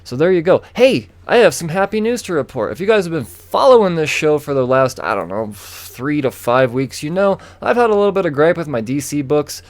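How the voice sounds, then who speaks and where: A man's voice: a little high, big pitch swings, a little fast, hardly any pauses. Man, podcast host, casual rambling chat, repeats phrases, fillers, talks to himself. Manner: rambling, chatty, self-interrupting with fillers and repeats. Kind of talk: casual solo comic book chat.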